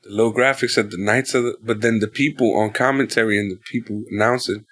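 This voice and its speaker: A man's voice: on the low side, fairly even intonation, a bit bright. A man co-hosting a casual wrestling podcast, laid-back and joking. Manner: laid-back, joking, quick to laugh along. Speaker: podcast co-host. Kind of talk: casual wrestling recap chat.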